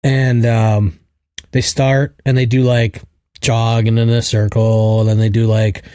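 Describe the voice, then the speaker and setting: Thirties male co-host, warm low register, loose chatty storyteller full of "like"s, dry recording. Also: little pitch movement, measured pace, smooth, no echo. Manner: rambling, filler-heavy with lots of "like". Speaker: podcast co-host. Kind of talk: casual storytelling chat.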